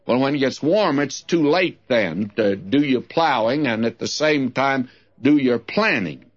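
A man's voice: medium pitch, expressive. An older man teaching through Bible verses, reading scripture aloud and explaining it plainly. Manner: slow, deliberate, reads scripture then explains it. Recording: dull lo-fi sermon recording.

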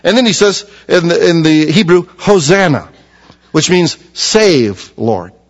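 A man preaching a sermon, emphatic, repeating key phrases and dropping to a hushed, low voice for stress. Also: animated, measured pace, muffled recording. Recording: long hall reverb.

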